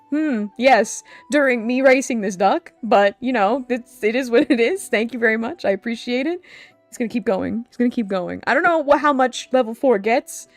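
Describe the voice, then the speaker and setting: Woman streamer, excitable and giggly, brightish voice, dry close mic, soft music underneath. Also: on the high side, no room sound. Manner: giggly and excitable, laughs often. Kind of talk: casual live-stream chat.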